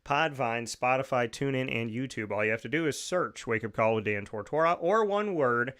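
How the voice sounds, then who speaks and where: A man's voice: mid-range voice, expressive, moderate pace, a bit bright. A man hosting his own radio and podcast show in a studio, talking with upbeat enthusiasm and rattling off plugs and lists. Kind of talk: energetic show talk and sponsor plugs.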